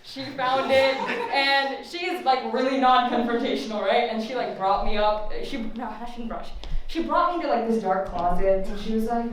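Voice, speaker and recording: A woman's voice: on the high side, expressive, moderate pace, crowd noise. A young woman performing a stand-up comedy set at an open mic, chatty and profane, often laughing at her own lines. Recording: echoey room, far from the mic.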